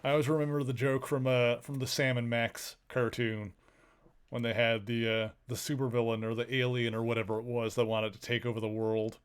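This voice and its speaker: A man's voice: medium pitch, level tone, brisk, clean tone. A man casually commenting while he plays a video game, chatty and joking, with lots of filler words. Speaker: streamer. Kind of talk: casual let's play commentary.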